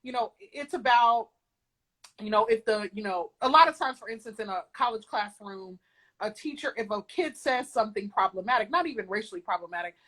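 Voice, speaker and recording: A woman speaking as a guest in a live video chat, animated and emphatic, often laughing and acting out quotes. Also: mid-range voice, fairly quick, low-quality recording. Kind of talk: casual live-stream conversation.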